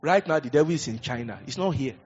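A man preaching a sermon, animated and conversational, acting out little scenes as he goes. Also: medium pitch, quick pace, highs cut off. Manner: animated preaching with acted asides. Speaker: pastor.

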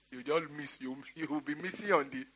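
A man's voice: fairly high pitch, moderate pace, a bit bright. A middle-aged Nigerian man preaching a sermon, giving emphatic commands and laughing through a storytelling aside. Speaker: pastor. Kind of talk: sermon with personal anecdote.

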